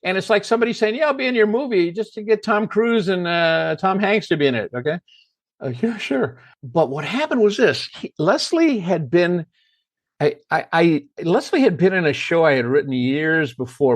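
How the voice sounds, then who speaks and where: Animated older American man telling stories. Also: on the high side, no room sound. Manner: animated storyteller acting out voices. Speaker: comedy writer. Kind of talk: storytelling interview.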